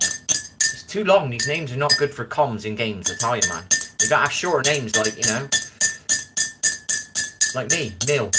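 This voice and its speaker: A man's voice: medium pitch, lively intonation, normal speed, loud music behind the voice. Tired chatty West Country man. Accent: West Country English. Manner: rambling, chatty, reads chat names aloud. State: tired after little sleep. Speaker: livestream host. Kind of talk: casual livestream chat. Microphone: phone.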